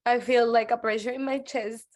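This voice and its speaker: A woman's voice: on the high side, fairly even intonation, normal speed, a little mellow. A woman whose first language is Spanish, a therapy client hesitantly describing what she feels. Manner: hesitant, searching for words. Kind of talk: therapy session conversation.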